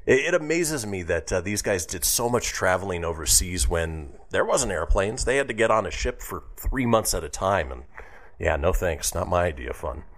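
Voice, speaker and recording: Male radio host, low pitch, very animated delivery, casual banter. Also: normal speed. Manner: laughs often, reads history segment with asides.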